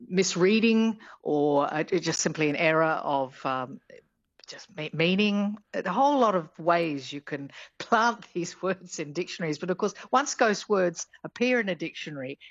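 Brief: middle-aged academic woman, lower voice, explanatory, dull lo-fi line. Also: lively intonation, unhurried, no echo. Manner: explanatory, thinking aloud. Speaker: linguistics professor guest. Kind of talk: radio interview, explaining words.

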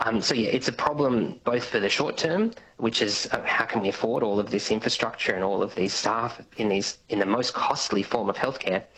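Low-voiced man explaining policy. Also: fairly quick, few pauses, a bit bright, a little hiss or hum, poor audio. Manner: explanatory, with fillers. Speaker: policy expert guest. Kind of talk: radio interview.

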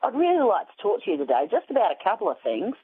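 A woman's voice: medium pitch, wildly swooping pitch, fast, husky, voice pushed up, full character voice. A woman with an Australian accent voicing a pushy male AI charity caller over a phone line.

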